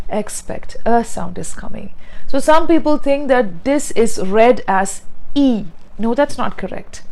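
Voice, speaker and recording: A woman teaching pronunciation, speaking slowly and deliberately and repeating words to demonstrate sounds. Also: a little high, darkish tone, low-quality recording. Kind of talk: pronunciation lesson.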